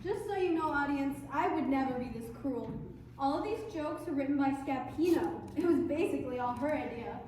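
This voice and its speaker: Bratty mean stepsister, played by a woman, super high voice, snide and hammy, echoey far-off stage sound. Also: fairly quick, a little mellow, a little hiss or hum, close to an everyday voice. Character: cruel bratty young stepsister. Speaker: stage actor. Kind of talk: live stage comedy.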